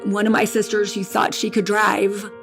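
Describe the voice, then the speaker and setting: A middle-aged woman telling a painful personal story in a podcast interview, halting and emotional, with restarts and repetition. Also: medium pitch, completely flat delivery, creaky, music in the background. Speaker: bereaved mother guest.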